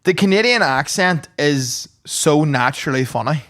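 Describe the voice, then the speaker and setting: A Northern Irish comedian co-hosting a podcast, telling loose, sweary stories and joking casually. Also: male voice, on the high side, lively intonation, normal speed, a bit bright. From Northern Ireland. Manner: loose, joking, sweary storytelling with frequent laughs. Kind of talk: casual banter.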